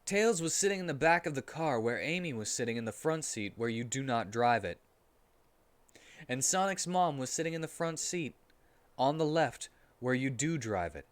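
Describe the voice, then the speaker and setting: A man narrating an absurd story in deadpan, storybook style, his voice at an average pitch. His delivery is lively, with wide swings up and down, as he reads for comic effect. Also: normal speed. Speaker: streamer. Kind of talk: comedic dramatic reading.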